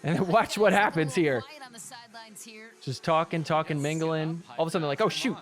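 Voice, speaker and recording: A man's voice: on the high side, normal speed, soft background music. A man hosting a podcast, giving casual, teasing commentary over sports clips and laughing often. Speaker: podcast host.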